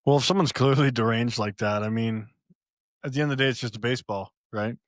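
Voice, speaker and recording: A man's voice: medium pitch, quick pace, no room sound, studio quality. A man co-hosting a podcast, chatting casually and agreeing emphatically. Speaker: podcast co-host.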